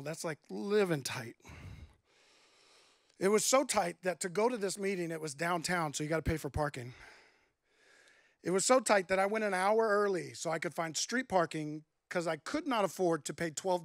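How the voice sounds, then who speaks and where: A man's voice: on the high side, a bit bright, dry recording, studio quality. A man preaching a sermon, telling a personal story in a conversational way and acting out his own thoughts. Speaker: guest preacher.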